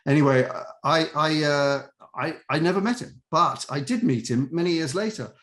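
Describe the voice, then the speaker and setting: A man's voice: on the high side, normal speed. Chatty older man telling stories. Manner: chatty, animated storytelling with quoted voices. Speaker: actor guest. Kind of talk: interview anecdotes.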